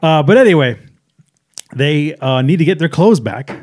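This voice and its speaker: A man's voice: a little high, lively intonation, moderate pace, a little mellow. A man co-hosting a movie review podcast, retelling scenes in a rambling way with frequent fillers and laughs. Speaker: podcast co-host. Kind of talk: casual movie review chat.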